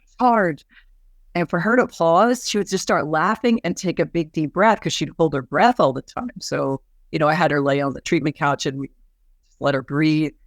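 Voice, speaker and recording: A woman psychiatrist talking about a patient as a guest in a conversation, animated and restarting her sentences often. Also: low voice, normal speed, no room sound, clean studio sound. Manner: animated, with frequent restarts and soft laughs. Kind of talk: conversational case storytelling.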